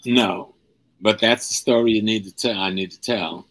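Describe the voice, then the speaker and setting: An older man, a guest, telling a personal story at an unhurried pace, stretching key words. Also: on the low side, steady tone, a bit bright, low-quality recording. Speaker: guest speaker. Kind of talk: storytelling in a live-streamed conversation.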